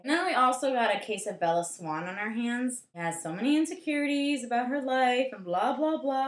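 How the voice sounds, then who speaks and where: A woman's voice: a little high, expressive, normal speed, few pauses, a bit bright. A young woman giving a rambling, sarcastic book review, full of "like" fillers. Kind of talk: casual vlog book review.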